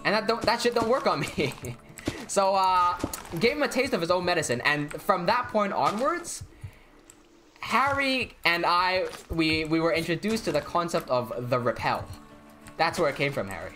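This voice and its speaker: A man's voice: high-pitched, animated, normal speed, bright, forceful tone, faint music behind. A young man telling a long personal story while streaming a game, swearing often and acting out the quotes.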